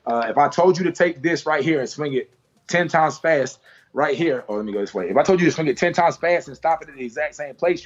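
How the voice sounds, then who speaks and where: A man's voice: mid-range voice, muffled recording. A man teaching a hands-on haircutting class, talking through each move with repeated cues and playful sound effects. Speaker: barber educator. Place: salon.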